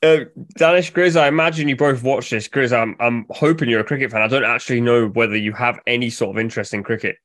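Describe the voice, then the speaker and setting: A man hosting a casual football podcast, steady and presenting, moving the chat along. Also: mid-range voice, fast, hardly any pauses, dry recording, studio quality. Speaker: podcast host.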